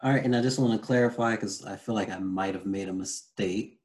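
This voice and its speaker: A man's voice: fairly low pitch, fairly quick, a little mellow, poor audio. A man hosting an interview, hesitant and rambling, with many ums. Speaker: interview host.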